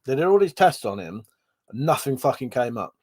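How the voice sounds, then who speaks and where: Breathless streamer, loose and chatty, average pitch. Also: male voice, very animated, a little fast, darkish tone. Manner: chatty, swearing, reads chat aloud and rambles. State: short of breath, yawning. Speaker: live stream host. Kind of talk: casual chat.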